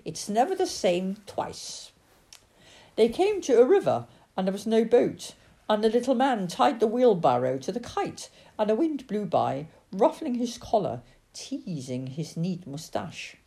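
A woman reading a children's storybook aloud in a dramatic, expressive way. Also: medium pitch, measured pace, creaky. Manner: dramatic, sing-song.

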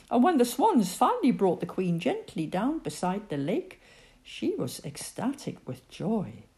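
A woman reading a children's story aloud, narrating in an expressive, dramatic way. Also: mid-range voice.

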